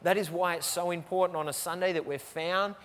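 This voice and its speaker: A man's voice: high voice, steady tone, a little fast, a bit bright, big-room sound. A man preaching a sermon to his church, repeating key phrases for emphasis. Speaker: pastor.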